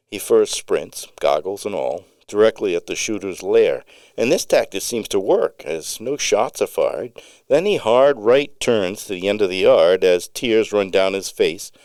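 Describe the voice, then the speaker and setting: A man reading his own memoir story aloud as narrator, telling it in a vivid, unhurried way with occasional slips. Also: sits low, darkish tone, no echo, clean studio sound.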